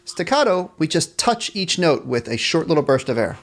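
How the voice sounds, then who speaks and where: A man with a slightly higher voice leads a live online band class. He cheerfully answers questions from the chat and keeps encouraging the players. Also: sing-song, moderate pace, loud music behind the voice. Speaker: music teacher.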